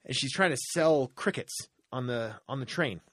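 A man's voice: medium pitch, moderate pace, no room sound. Guy ranting a crazy story, swears a lot, dry close sound. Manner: profane, rambling, animated retelling with many fillers. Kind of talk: casual storytelling rant.

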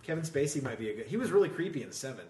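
A man in casual podcast chat, jokey and quick to laugh, slipping into impressions as he tells stories. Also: medium pitch, big pitch swings, darkish tone. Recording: roomy echo.

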